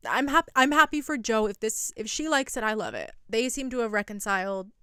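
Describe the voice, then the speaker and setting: A woman's voice: a little high, lively intonation, brisk, pushed and bright, clean tone, no room sound, clean studio sound. A young woman recapping a reality show in casual, sarcastic commentary. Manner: chatty and sarcastic, quotes people in mock voices. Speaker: recap vlogger.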